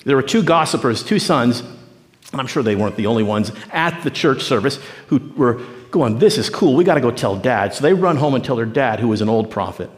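A man's voice: medium pitch, expressive, brisk, in a large hall. A man preaching a sermon, telling a story and acting out its people in dialogue. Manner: storytelling preacher who acts out the figures in dialogue. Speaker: pastor.

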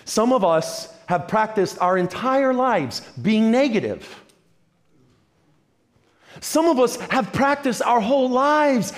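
A pastor preaching a lively, humorous sermon that builds on repeated phrases. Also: male voice, very high voice, slow.

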